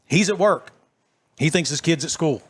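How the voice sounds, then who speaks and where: A fairly high-pitched man with a drawl spins a story for his co-host, jumping into the voices of everyone in it. His delivery is animated and chatty, a casual podcast storyteller. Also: normal speed, slightly rough. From East Texas. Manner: animated storyteller acting out quotes.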